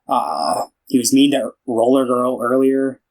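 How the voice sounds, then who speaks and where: A man's voice: medium pitch, expressive, measured pace, creaky, darkish tone, low-quality recording. Rambling podcast co-host man. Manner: rambling, filler-heavy, lots of "like" and restarts; retells scenes by acting out the characters' lines. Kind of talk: casual film recap chat.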